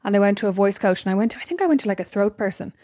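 A woman's voice: mid-range voice, expressive, rapid-fire, warm tone, no room sound, studio quality. A woman co-hosting a casual podcast with her sister, chatty and teasing. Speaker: podcast co-host.

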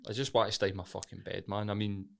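A man's voice: lowish voice, level tone, fast, gravelly. A Glaswegian man co-hosting a podcast, chatting bluntly and swearing heavily. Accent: Glaswegian Scottish. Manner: blunt, heavy swearing, laughs often. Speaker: podcast co-host. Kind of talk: casual chat.

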